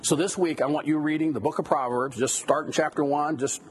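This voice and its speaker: A man's voice: on the high side, fairly even intonation, brisk, a little hiss or hum. A man giving a conversational lecture on biblical counseling, with rhetorical questions and asides. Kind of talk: classroom lecture.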